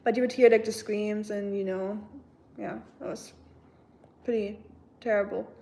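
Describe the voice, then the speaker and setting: A woman's voice: medium pitch, fairly even intonation, unhurried, creaky, mellow, slight background noise. A young woman from Germany, casually chatting and answering her live chat as a streamer, with lots of fillers. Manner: chatty, reads chat aloud, many fillers. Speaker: livestream host.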